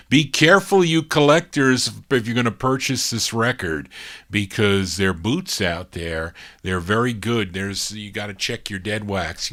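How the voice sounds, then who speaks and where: A man's voice: on the low side, pushed and bright. A man hosting a record show, chatting casually and rambling through label and release details between songs. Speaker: radio-style record show host. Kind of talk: casual record-spinning DJ chat.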